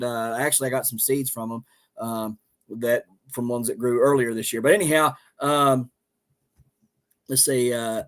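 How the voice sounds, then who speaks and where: Southern man, homestead host, casual rambling livestream talk, middle pitch. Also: a bit bright. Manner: rambling, folksy, many fillers.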